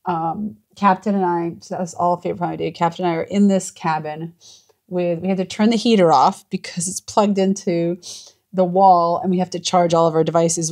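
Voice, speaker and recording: A woman's voice: on the low side, a little mellow. A woman vlogging from a small cabin, chatting in a gushing, emotional way. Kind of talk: casual chat.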